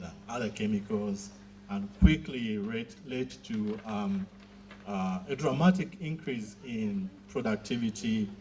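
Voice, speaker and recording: A man giving a formal graduation speech, measured and pausing often with fillers. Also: lowish voice, a little mellow, slight background noise. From Southern Africa.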